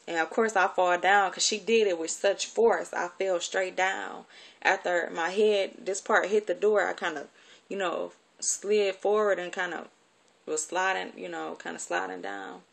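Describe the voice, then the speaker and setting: A woman telling a personal story in a halting, informal way with many fillers. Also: medium pitch, creaky. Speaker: vlogger.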